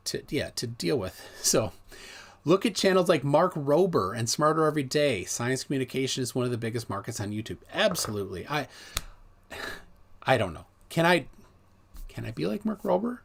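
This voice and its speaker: Husky middle-aged guy rambling on his livestream, voice jumps up and down a lot. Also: mid-range voice, a little fast. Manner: animated, rambling, with many restarts. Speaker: livestream host. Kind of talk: casual livestream talk.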